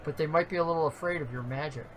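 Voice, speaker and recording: A woman narrating a tabletop game as game master, lively and playful. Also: sits low, rapid-fire, a loud crowd, low-quality recording. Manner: lively, playful, laughs often.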